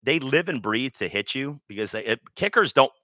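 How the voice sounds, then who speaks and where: A man's voice: medium pitch, lively intonation, normal speed, bright, forceful tone, dry recording. A man hosting a casual sports talk show, rambling and joking with plenty of restarts. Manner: rambling, jokey, with lots of restarts.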